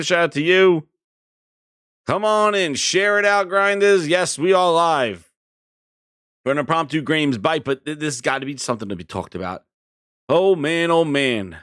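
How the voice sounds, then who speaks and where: A man hosting a gaming live stream in casual chat from his home streaming room. He is excitable and rambling, and calls out viewers' names from the chat. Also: fairly high pitch, no room sound, clean studio sound.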